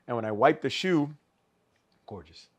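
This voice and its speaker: A man, a podcast guest, telling a story in an animated, casual way, swearing freely and acting out the lines of the people in it. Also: medium pitch, measured pace. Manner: animated, swears, acts out quoted dialogue. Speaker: podcast guest, custom shoe artist.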